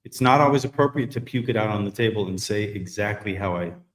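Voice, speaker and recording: A man's voice: on the low side, fast talker. A man talking candidly in a podcast conversation, blunt and reflective, swearing freely. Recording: roomy echo.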